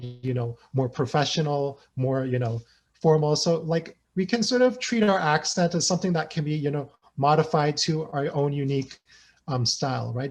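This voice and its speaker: A man giving an academic presentation over a video call, conversational, with hesitations and frequent "right?" tags. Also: a little high. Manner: thinks aloud with hesitations. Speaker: guest researcher presenting.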